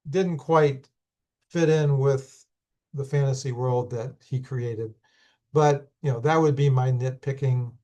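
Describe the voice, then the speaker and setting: A hoarse man teaching a class, unhurried and thinking aloud with many fillers and restarts. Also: medium pitch, mellow. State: hoarse, losing his voice. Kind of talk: recorded class lecture.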